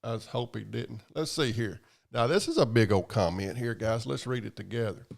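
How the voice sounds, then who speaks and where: With a creaky, mid-range voice and lively intonation at normal speed, a man hosts a live stream. He rambles and swears casually in a drawl as he reads what viewers comment.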